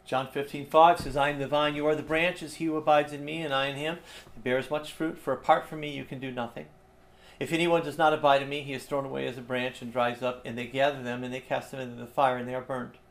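A man preaching a sermon with passion, rising to loud emphasis and dropping to hushed, repeated lines. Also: mid-range voice, fairly even intonation, quick pace, roomy sound. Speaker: pastor.

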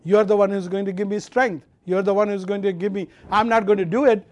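Impassioned high-voiced male preacher. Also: little pitch movement, no echo. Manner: impassioned, swinging from loud emphatic to quiet low; repeats phrases, draws out key words slowly. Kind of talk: sermon.

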